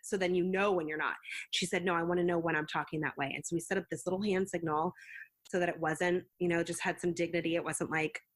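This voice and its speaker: Low-voiced woman explaining parenting calmly. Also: quick pace. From United States. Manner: earnest, explanatory, acts out parent-child quotes. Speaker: school psychologist and counselor, guest. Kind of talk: conversational interview answers.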